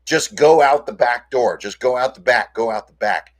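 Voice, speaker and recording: A man's voice: medium pitch, moderate pace, close to an everyday voice. A man voicing a very old male tavern keeper who urgently warns others about a trap, in a tabletop game recap. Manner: urgent warning.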